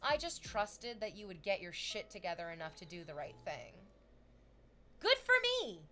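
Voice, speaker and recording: A young woman streamer chatting casually with viewers, animated and swearing freely, her voice leaping up in excited bursts. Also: fairly low pitch, brisk, a little hiss or hum.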